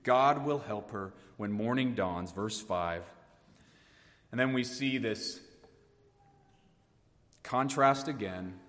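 Preacher in a reverberant hall. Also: male voice, lowish voice, slow pace, long pauses. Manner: dynamic preaching, dropping to hushed tones then rising emphatically. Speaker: pastor. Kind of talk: sermon.

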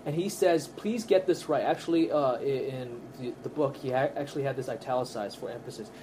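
A man teaching a Bible study class, earnest and emphatic, often checking in with his listeners with quick tag questions. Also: medium pitch, mellow, a little hiss or hum.

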